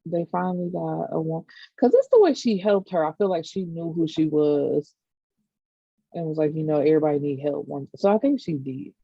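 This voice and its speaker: A woman co-hosts a casual TV recap, her voice low and gravelly with a husky edge. She talks animatedly and acts out the characters' lines. The recording sounds dull and dry. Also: fairly quick, mellow, no echo. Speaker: podcast co-host.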